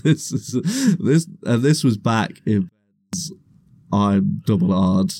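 A man's voice: on the low side, expressive, slow pace, warm tone, husky, no echo. A young man, co-hosting a podcast and telling a laughing, swearing anecdote. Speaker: podcast co-host. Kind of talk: casual chat, storytelling.

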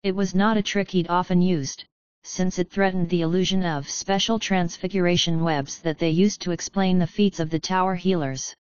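A woman narrating an audiobook in a steady, even reading manner. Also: lowish voice, normal speed, clear, resonant tone, no room sound, highs cut off.

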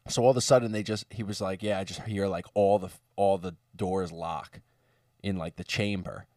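A man's voice: low voice, fairly even intonation, normal speed, dark tone, no echo, clean studio sound, far from the mic. A young man telling a story in casual chat, rambling with many fillers.

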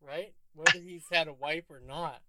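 A man's voice: a little high, steady tone, normal speed, very noisy. A man co-hosting a podcast, chiming in with jokey asides during a casual chat. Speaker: podcast co-host.

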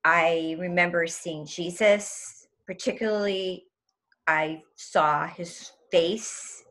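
Slow-spoken bright-voiced woman telling her story. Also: fairly low pitch, steady tone. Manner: emotional, tumbling retelling full of "like" and quoted voices. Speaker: guest. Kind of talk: telling a personal story in an interview.

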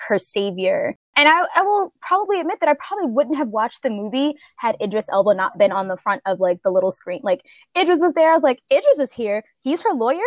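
A woman's voice: a little high, no room sound. A woman in a casual film discussion, talking animatedly, laughing often and filling with "like".

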